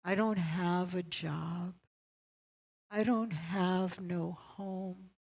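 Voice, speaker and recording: A woman voicing a big, sullen drunk laborer who speaks slowly and heavily. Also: fairly low pitch, fairly even intonation, darkish tone, exaggerated voice. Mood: mournful. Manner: slow, gruff, defeated.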